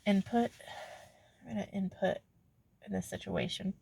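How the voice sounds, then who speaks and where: A woman's voice: mid-range voice, steady tone, normal speed, vocal fry, warm tone, breathy edge, no echo. A young woman vlogging casually to camera, rambling and breaking off mid-thought, acting out little exchanges and laughing often. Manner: rambling, self-interrupting, laughs often, acts out quoted exchanges. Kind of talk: casual confessional talk to camera.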